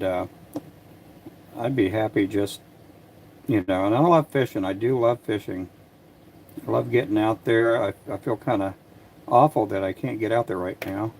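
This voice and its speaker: An older man making fishing lures in his workshop, chatting casually to a livestream audience in a soft, rambling way with frequent restarts. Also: fairly low pitch, measured pace, long pauses, a little hiss or hum. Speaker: lure maker livestreaming. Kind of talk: casual livestream chat while working.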